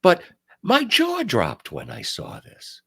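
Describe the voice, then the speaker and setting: An older man hosting a talk show, telling stories and giving commentary in an emphatic, animated way. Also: high-pitched, slow, vocal fry, slightly rough. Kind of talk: casual commentary.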